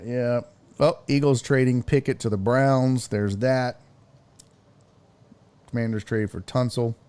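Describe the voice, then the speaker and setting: A man's voice: medium pitch, darkish tone. A man hosting a casual sports show, ranting and rambling with lots of swearing. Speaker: sports podcast host.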